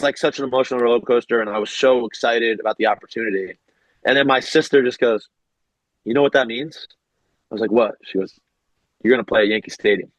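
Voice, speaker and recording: A man in his twenties talks in a relaxed interview, sincere and open, his sentences full of "like" and restarts. The sound is close and dry, with a dull, slightly lo-fi edge. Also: medium pitch, no room sound. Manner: earnest, heartfelt, many fillers like "like". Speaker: guest, baseball pitcher. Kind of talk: casual interview.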